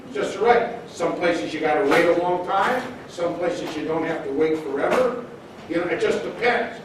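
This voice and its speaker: With a fairly high pitch and a moderate pace, this older public defender from Minnesota gives a blunt, folksy lecture to listeners in a hotel function room, peppering his stories with punchy asides. Background noise and room echo come through, since the mic sits far from him.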